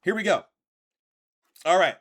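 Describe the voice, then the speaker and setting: A man's voice: sits high, unhurried, fairly bright tone. A man hosting a reaction commentary, reading passages aloud and arguing back in an exasperated tone, swearing now and then. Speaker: commentary channel host.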